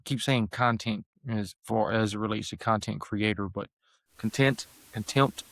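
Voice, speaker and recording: A man's voice: fairly low pitch, little pitch movement, normal speed, vocal fry, fairly bright tone, no echo. A man hosting a podcast, talking earnestly in a rambling way with many fillers and restarts. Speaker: podcast host. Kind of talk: casual podcast talk.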